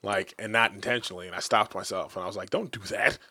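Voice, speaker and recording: A young man co-hosting a podcast, telling crude stories in a profane, animated way with sudden jumps in his voice. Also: on the low side, fast talker. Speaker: podcast co-host. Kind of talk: crude comedic podcast banter.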